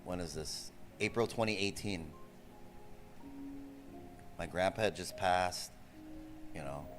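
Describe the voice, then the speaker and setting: A man's voice: deep voice, slow pace, faint music behind. A man in his forties telling stories in loose, profane casual chat, often tossing in "bro". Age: 40s. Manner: loose, profane, animated, says "bro" a lot. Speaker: streamer.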